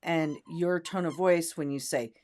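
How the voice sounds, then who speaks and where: A woman's voice: sits low, fairly even intonation, a little slow, a little mellow. A woman co-hosting a casual talk show about dog training, speaking emphatically and demonstrating tones of voice. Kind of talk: casual podcast chat.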